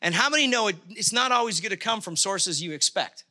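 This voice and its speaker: A middle-aged male pastor from Canada preaching a sermon, impassioned, with emphatic bursts and halting restarts. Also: high voice, animated, bright, forceful tone.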